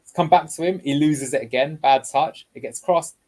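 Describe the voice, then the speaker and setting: Husky man breaking down match clips. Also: fairly high pitch, normal speed, darkish tone, rough recording. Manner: explanatory, walks through clips step by step. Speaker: guest football analyst. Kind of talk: tactical video breakdown.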